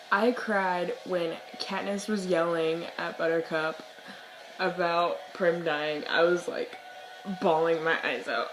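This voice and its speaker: A young woman vlogging about books in casual chat, hoarse and losing her voice, rambling with dramatic outbursts and giggles. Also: lowish voice. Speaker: book vlogger. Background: soft music.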